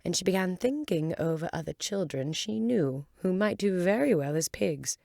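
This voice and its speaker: Woman, storybook reading, calm and measured, low voice, gravelly, dry sound. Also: no room sound. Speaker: volunteer reader.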